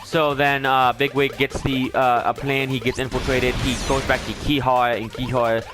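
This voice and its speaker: A young man hosting a game video, recapping a story in a casual, rambling and animated way with lots of filler words. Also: medium pitch, moderate pace, over music. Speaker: let's play host.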